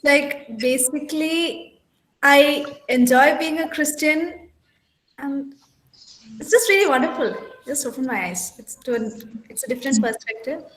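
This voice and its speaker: A woman's voice: sits high, lively intonation, unhurried, a bit bright. A woman student sharing casually on a video call panel, hesitant and trailing off at times. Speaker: student participant. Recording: echoey room.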